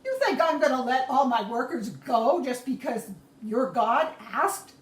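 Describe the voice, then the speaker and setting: A woman voicing a proud, stubborn king who boasts and refuses loudly, in a storytelling reading. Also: high voice, very animated, a little slow, reverberant, recorded from a distance. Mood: boastful.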